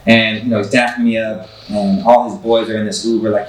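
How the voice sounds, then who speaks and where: A man's voice: fairly low pitch, level tone, brisk. A man telling stories as an interview guest in a laid-back, slangy way, swearing casually. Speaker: photographer and musician guest. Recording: echoey room, far from mic, faint music.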